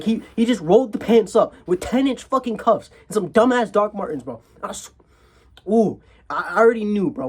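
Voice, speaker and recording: Husky young man telling a profane story. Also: high voice. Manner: animated, heavily profane, rambling with restarts. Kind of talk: comedic storytime monologue.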